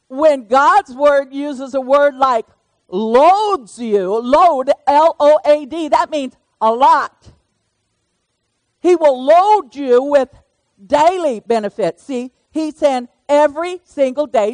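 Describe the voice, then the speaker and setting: A woman's voice: sits high, no room sound. An older woman preaching a sermon in a folksy, conversational way, calling on listeners by name.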